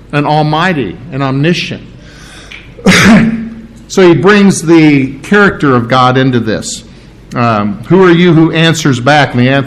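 A middle-aged man preaching a verse-by-verse sermon, conversational with restarts and asides, pressing hard on repeated phrases. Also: a little high. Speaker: pastor. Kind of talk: sermon, verse-by-verse Bible teaching.

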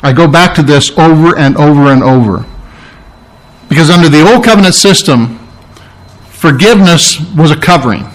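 A male pastor delivering a sermon with a slightly high-pitched voice. He talks emphatically, repeating his key phrases and stopping to unpack the meaning of words. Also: moderate pace, pauses often, rough recording.

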